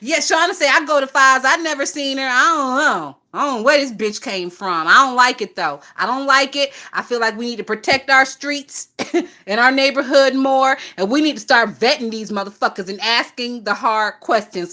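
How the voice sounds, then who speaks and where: A woman hosting a casual gossip livestream, talking in a lively, profane way and laughing often. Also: sits high, moderate pace. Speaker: livestream host.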